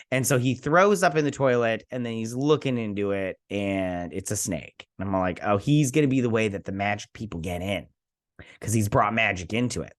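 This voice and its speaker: A man's voice: fairly low pitch, brisk, no echo, studio quality. Casual rambling man recapping a show. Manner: rambling, retells scenes with quoted lines; frequent fillers and restarts. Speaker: host of a TV review channel.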